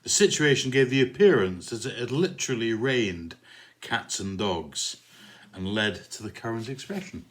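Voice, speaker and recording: A man's voice: medium pitch, normal speed. A man hosting his own podcast, chatting casually with rambling asides and self-mocking dry jokes, and reading out a comic poem. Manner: relaxed, meandering delivery with many fillers. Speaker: podcast host. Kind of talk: casual solo podcast chat and poetry reading.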